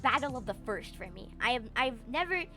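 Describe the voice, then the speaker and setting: A young woman streamer chatting casually on stream, animated and profane, rambling with lots of fillers. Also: on the high side, a little fast, faint music behind. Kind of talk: casual livestream chat.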